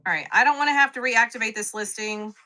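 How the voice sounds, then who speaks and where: A woman's voice: on the high side, quick pace, bright, forceful tone. A young woman, chatting casually and laughing at herself while selling quilting supplies on a live stream. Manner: chatty, self-mocking, laughs often. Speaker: live shopping seller.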